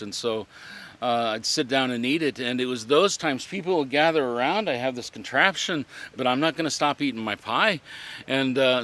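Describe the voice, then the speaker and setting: A living history reenactor gives a reflective interview, speaking earnestly and haltingly as he searches for words. His voice is medium-pitched with a sharp tone.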